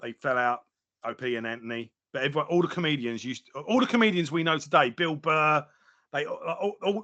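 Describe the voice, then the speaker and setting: A man co-hosting a podcast in casual chat, animated and often laughing as he acts out quotes. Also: medium pitch. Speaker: podcast co-host.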